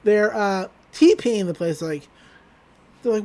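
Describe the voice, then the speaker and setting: Podcast host, mid-pitch voice, loose chatty delivery with casual swearing; recaps a cartoon episode. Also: slow, pauses often, dark tone.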